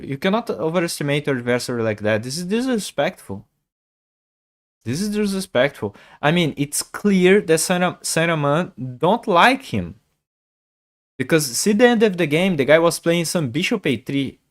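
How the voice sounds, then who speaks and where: A man's voice: fairly high pitch, very animated, moderate pace. A man, chatting casually on a chess stream, thinking aloud and repeating himself. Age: 40s. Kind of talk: casual live-stream chat.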